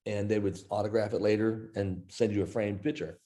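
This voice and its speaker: Middle-aged guy from iowa telling a story on a podcast, fairly low mellow voice, acts out the other people's lines. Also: a little fast. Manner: animated anecdote teller, quoting others in his own voice. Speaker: guest author. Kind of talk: storytelling in an interview.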